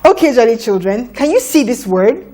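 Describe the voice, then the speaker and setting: A woman's voice: fairly high pitch, very animated, moderate pace, dark tone, slight background noise. A woman teaching a phonics lesson to young children, sounding out letters patiently and praising often.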